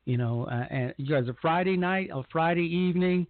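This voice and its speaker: A man's voice: a little high, brisk, no echo. A man hosting a casual monologue broadcast, rambling and often repeating himself as he restarts his sentences. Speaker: broadcast host. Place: lives in Georgia. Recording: tinny phone-like line, dry.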